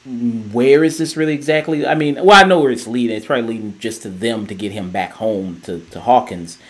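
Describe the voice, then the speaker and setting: A man's voice: lowish voice, fast talker. A man co-hosting a podcast, reviewing a TV show in casual chat, rambling with many fillers and restarts. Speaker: podcast co-host.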